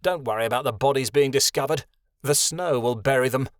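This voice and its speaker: A man's voice: medium pitch, fairly quick, dry recording, clean studio sound, close to an everyday voice. A man doing a callous, cold-hearted hunter. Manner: cold, dismissive.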